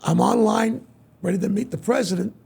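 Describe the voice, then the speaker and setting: A man's voice: brisk, gravelly, darkish tone, slightly rough. An older man, a veteran entertainer, telling stories in an interview and acting out the voices of the people in them. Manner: acts out quoted voices with big pitch swings. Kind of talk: animated storytelling in an interview.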